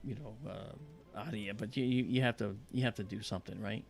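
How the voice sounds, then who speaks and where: A man hosting a livestream, telling a story in casual chat and acting out quotes in high voices. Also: fairly quick, vocal fry, soft background music. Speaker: livestream host.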